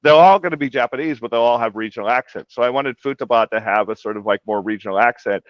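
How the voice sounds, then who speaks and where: A man's voice: mid-range voice, fast talker, no room sound. A man guest talking casually about translating a comic, rambling with lots of "like" and "you know". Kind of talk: casual interview talk. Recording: dull lo-fi dry audio.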